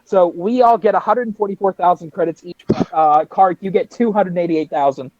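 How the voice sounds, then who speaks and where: Tabletop player, male, casual and talkative, slightly high voice, dull dry recording. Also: normal speed, a little mellow, no echo. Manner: chatty, narrates own actions.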